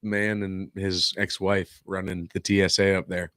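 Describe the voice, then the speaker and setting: A man's voice: sits low, little pitch movement, a little slow, a bit bright, no echo. A young man hosting a podcast, chatting loosely and jokingly in slang. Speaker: podcast host. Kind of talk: casual chat.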